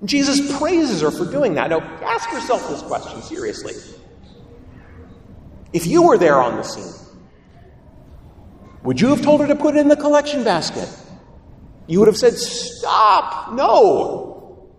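Animated preacher man in echoey church. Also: very high voice, normal speed, pauses often, far from the mic, a little hiss or hum. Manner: animated storytelling, rhetorical questions. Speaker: priest. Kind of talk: sermon. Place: large church.

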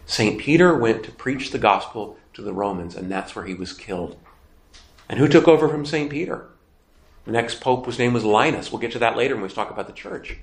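A man leads a catechism lecture for a Bible class, his medium-pitched voice reverberating around him. Conversational but emphatic, he raises questions only to answer them on his own.

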